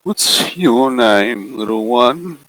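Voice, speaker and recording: A man voicing a menacing shadow being that coaxes a child in slow, soft tones. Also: medium pitch, animated, no echo, voice pushed up, low-quality recording. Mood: coaxing menace. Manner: slow, soft, wheedling, growing urgent.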